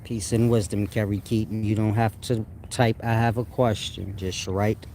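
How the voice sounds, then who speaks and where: A man's voice: lowish voice, little pitch movement, moderate pace, a little mellow, slight background noise. Slangy, laughing man musing to viewers. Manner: laughs often, slangy and rambling. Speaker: online teacher reading viewer comments. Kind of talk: casual spoken monologue.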